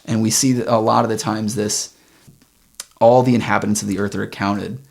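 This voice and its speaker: Gravelly man reading scripture casually. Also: fairly low pitch, fairly quick. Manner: relaxed, paraphrases the story in modern slang with chuckles. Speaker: podcast co-host. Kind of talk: casual Bible discussion, reading scripture aloud.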